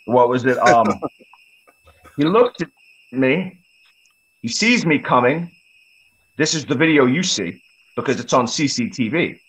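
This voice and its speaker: A man's voice: medium pitch, expressive, a little slow, long pauses, a bit bright. A man, a podcast guest, telling a story in a blunt, heavily profane, casual way. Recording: slightly dull lo-fi audio.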